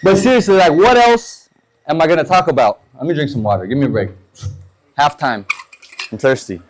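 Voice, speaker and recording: This stand-up bit comes from a man in his thirties from the US, who rambles through crude anecdotes and mimics the people in them with quick impressions. He sounds a little high-pitched, and the audio is poor, with slight background noise.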